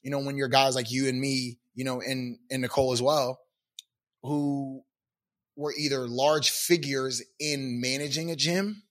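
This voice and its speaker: Bright-voiced animated man. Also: medium pitch. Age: 30s. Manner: animated storyteller, acts out quotes in character. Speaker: podcast co-host. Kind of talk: casual chat.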